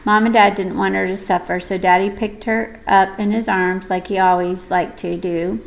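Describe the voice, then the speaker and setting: A woman reading a first-person audiobook story in a gentle, measured way. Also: mid-range voice, fairly even intonation, gravelly, low-quality recording. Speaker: audiobook narrator.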